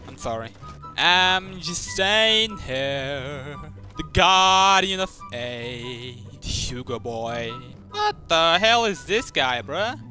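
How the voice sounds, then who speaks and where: Young male gaming commentator, high lively voice, excitable trash talk over game music. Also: very slow. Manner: excitable, trash-talking, swears a lot. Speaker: gaming YouTuber. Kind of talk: casual gameplay commentary.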